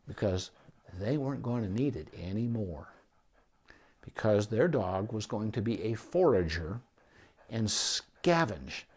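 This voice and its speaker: A man's voice: medium pitch, darkish tone, breathy edge. A middle-aged man, a veterinarian, explaining dog training in a folksy, casual way and often checking in with "okay?". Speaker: veterinarian giving dog behavior advice. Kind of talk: casual instructional talk to camera.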